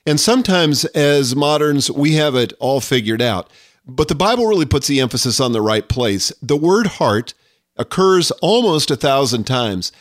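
Older guy doing a podcast talk, earnest, mid pitch, dead dry mic. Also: lively intonation, moderate pace, no room sound. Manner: earnest, reflective, reads quotes aloud. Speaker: podcast host. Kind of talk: scripted podcast monologue.

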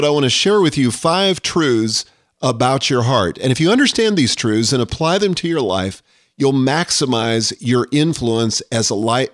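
In studio-quality, dry audio, an older man with a mid-range voice hosts a podcast. Delivering a scripted monologue, he sounds earnest and reflective and reads quotations aloud.

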